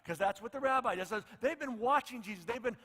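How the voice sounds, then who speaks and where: A man's voice: very high voice, lively intonation, quick pace, sharp tone, big-room sound. A male pastor preaching a conversational sermon, acting out the lines of the people in his story. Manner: conversational, acts out the disciples' lines.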